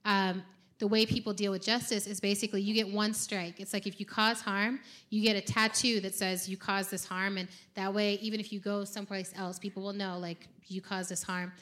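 Woman writer, bright and lively, chatty and warm-humored delivery. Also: medium pitch, brisk. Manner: animated, laughs often. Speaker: fiction writer. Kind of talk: lively conversation.

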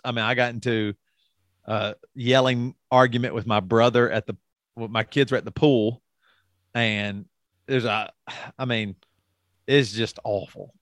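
A man's voice: mid-range voice, a little slow, a bit bright, dry recording, studio quality. A middle-aged man co-hosting a podcast, talking frankly and at length in casual chat, swearing and restarting his sentences often. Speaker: podcast co-host.

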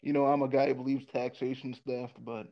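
Gravelly man rambling bluntly. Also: medium pitch, flat delivery, fairly quick, highs cut off. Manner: rambling, frequent restarts and repeated words; blunt, swears freely. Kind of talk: casual conversation.

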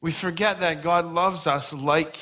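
A middle-aged man gives a sermon in a relaxed, conversational manner and slips in friendly asides. His voice sits a little high and rings bright and clear. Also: a little slow. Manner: conversational, folksy preaching with asides. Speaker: pastor.

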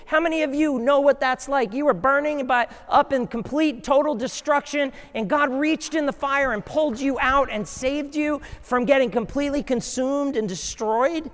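A man preaching a sermon, animated and jokey, acting out voices from scripture. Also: extremely high pitch. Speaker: pastor. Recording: long hall reverb.

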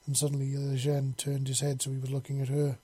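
A man narrates a story in a casual, unpolished reading, stumbling and restarting words now and then. His voice is dark and husky. The recording is dry and close. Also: mid-range voice, completely flat delivery, fast, dry recording. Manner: casual, with frequent slips and restarts. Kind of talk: reading a fan-fiction audiobook.

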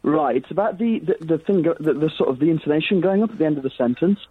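A young man calling into a radio show as a student, eager and quick to argue, with hesitant restarts. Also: a little high, lively intonation, slightly rough. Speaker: caller, linguistics student. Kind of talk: phone-in call. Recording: dry tinny phone line.

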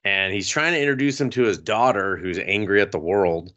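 A man casually recapping an anime on a podcast, crude and joking, popping into high silly voices for the characters. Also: brisk, sharp tone, muffled recording. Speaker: podcast co-host. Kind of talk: casual anime review chat.

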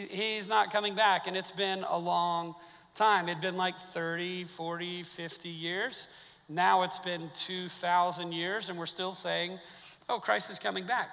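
A man's voice: sits high, creaky, bright, forceful tone, big-room sound. A male pastor preaching a sermon in a church, talking conversationally with wry asides to his congregation. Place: church sanctuary.

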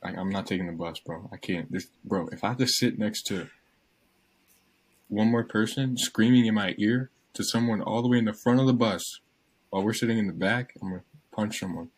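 A teenage guy with a low, husky voice, casually telling his friends a long story. He keeps jumping into quoted dialogue, acting out each line as it happens. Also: brisk, poor audio. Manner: animated storyteller, acts out quotes.

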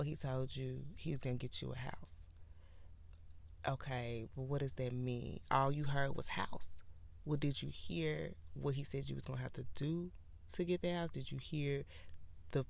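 A woman hosting a podcast, talking casually about parenting and faith in an animated, preachy way. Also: low voice, creaky, dry recording. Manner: animated, preachy, acts out quoted voices. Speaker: podcast host.

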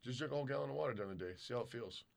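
A man co-hosting a casual podcast, talking loudly and profanely while he reads out listener shout-outs. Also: medium pitch, rapid-fire, gravelly. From Michigan. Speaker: podcast co-host.

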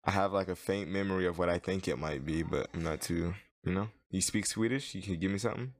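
Podcast co-host, male, very low voice, teasing, dry close sound. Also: fast talker, no echo. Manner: joking, teasing, drawling. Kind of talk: casual chat.

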